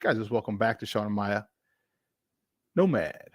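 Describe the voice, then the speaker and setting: A man hosting a casual sports talk show, animated and laughing often. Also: lowish voice, moderate pace, no room sound.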